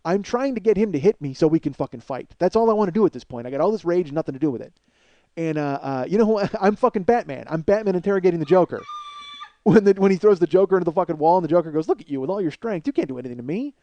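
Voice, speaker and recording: A middle-aged man hosting a comedy podcast, telling a story in a profane, excitable rant. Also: sits high, quick pace, no room sound, lo-fi sound.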